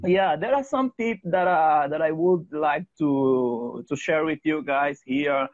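Brief: male English teacher on a live stream, hesitant, slightly high, dry muffled audio. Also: dry recording. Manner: halting, many fillers and restarts. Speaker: English teacher co-hosting a livestream. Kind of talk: casual livestream chat.

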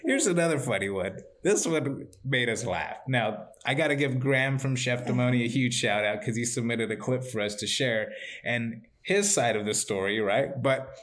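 A male podcast host spins stories in a loose, conversational way. He acts out the people in them with animated voices. He keeps tagging his lines with "right?" and swears without a second thought. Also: medium pitch, normal speed. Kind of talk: casual storytelling chat.

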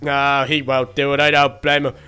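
A man's voice: medium pitch, flat delivery, normal speed, pushed and bright, clean tone, lightly acted. A man voicing a childlike male baby duck in a Minecraft role-play, chattering to himself and easily flustered. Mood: weary pleading. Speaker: fast-food worker in a game role-play.

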